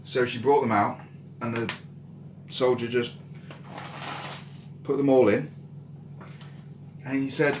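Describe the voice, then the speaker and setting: A man telling a folk tale in a relaxed, casual way, with many "so he goes" links. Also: medium pitch, takes it slowly, pauses often. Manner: relaxed, repetitive "so he goes" narration. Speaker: storyteller and channel host. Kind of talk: casual spoken storytelling. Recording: roomy echo, faint ambient noise.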